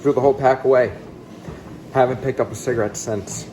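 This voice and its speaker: A man in his thirties telling his own life story in a blunt, casual way. He swings between excited outbursts and quiet, low asides. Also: brisk, a little hiss or hum, low-quality recording. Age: 30s. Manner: blunt and casual, with some swearing. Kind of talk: candid personal storytelling.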